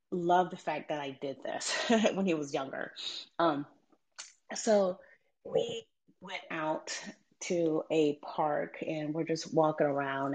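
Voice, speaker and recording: A woman's voice: deep voice, vocal fry. A mother telling a personal story about raising her son, in a reflective, conversational way with frequent ums. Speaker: mother sharing parenting story.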